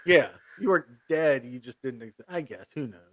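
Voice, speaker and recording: A man co-hosting a show, chatting casually with jokes and quick banter. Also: medium pitch, lively intonation. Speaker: co-host. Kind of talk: casual chat.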